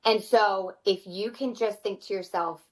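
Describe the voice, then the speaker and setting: A woman in her thirties, a mother of four, speaking as a podcast guest in an earnest, animated way. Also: mid-range voice, unhurried, rough recording. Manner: earnest, animated, acts out her kids' voices. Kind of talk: conversational interview.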